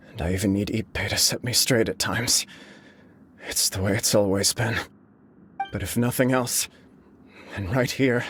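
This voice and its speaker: A man's voice: fairly low pitch, lightly acted. A man playing a remorseful, resolute young noble. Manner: earnest, grave. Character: guilt-ridden young noble man, resolved despite his weakness. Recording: game audio with clear music. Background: game music.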